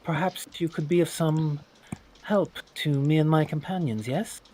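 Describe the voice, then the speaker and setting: A man's voice: a little high, moderate pace, a little mellow, voice pushed up, natural voice. A man doing a courteous formal adventurer. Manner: polite, formal and gracious.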